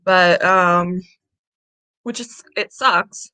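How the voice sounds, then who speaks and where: Bright, breathless woman chatting with viewers. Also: drawn-out words, clean tone, low-quality recording. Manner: chatty, baby-talks her pets in a high voice. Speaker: pet channel host. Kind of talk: casual live-stream chat.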